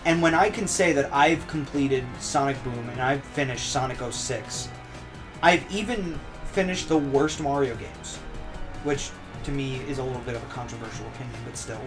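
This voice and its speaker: A man's voice: medium pitch, moderate pace. Young guy on a gaming podcast giving his blunt takes, faint music behind. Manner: opinionated, matter-of-fact. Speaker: podcast guest. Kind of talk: casual gaming podcast chat.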